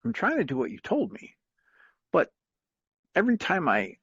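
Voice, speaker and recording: A man's voice: huge pitch swings, moderate pace, fairly bright tone, breathy edge, no room sound, lo-fi sound, full character voice. A man voicing an overwhelmed woman in a story, pleading and exasperated. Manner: exasperated, higher pitched, pleading. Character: overwhelmed young woman in a dream kingdom.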